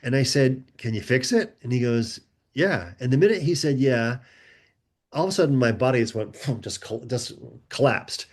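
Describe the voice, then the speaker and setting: A man's voice: mid-range voice, normal speed. Male podcast guest. Conversational storyteller who acts out quoted dialogue. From United States. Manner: animated, acts out quoted voices. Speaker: guest author.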